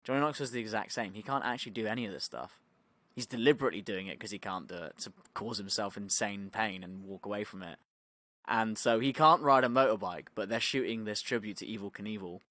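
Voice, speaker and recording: A man's voice: fairly low pitch, fast, pushed and bright, no echo. A young man telling stories on a casual podcast, acting out quotes with swearing and lots of filler words. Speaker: podcast co-host.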